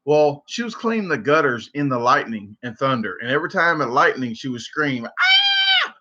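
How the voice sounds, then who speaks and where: A livestream host with a Southern US accent rambles through a casual story, repeating himself and restarting often, getting animated when quoting others. His medium-pitched voice moves fairly quickly, and the dull, lo-fi audio is very noisy.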